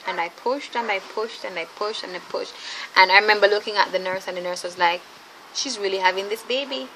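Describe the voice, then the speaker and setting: Chatty, animated young woman vlogger. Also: mid-range voice, slight background noise, poor audio. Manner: chatty, animated, laughs often, addresses viewers as ladies. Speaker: vlogger, mother. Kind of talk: casual vlog storytelling.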